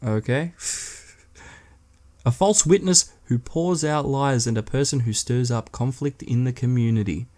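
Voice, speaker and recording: A man's voice: mid-range voice, measured pace, a little mellow. A young man hosting a solo podcast, delivering an irreverent, sweary, mocking rant in casual talk. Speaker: podcast host.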